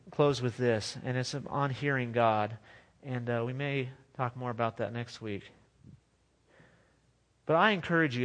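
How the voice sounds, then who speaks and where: Man, pastor, sermon, earnest conversational preaching, somewhat high-pitched. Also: fairly bright tone.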